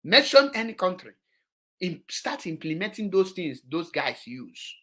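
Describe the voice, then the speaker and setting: A man with a Nigerian Igbo accent delivers a heated political monologue with a forceful, sharp tone. He scolds his audience and slides between English and Igbo mid-sentence. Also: high voice, very animated, unhurried. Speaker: political commentator.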